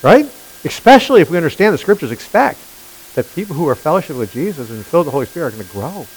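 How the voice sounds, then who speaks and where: A man's voice: a little high, very fast, slightly rough, rough recording. A male pastor preaching a sermon, emphatic and constantly questioning his listeners. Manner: animated, questioning the congregation, emphatic.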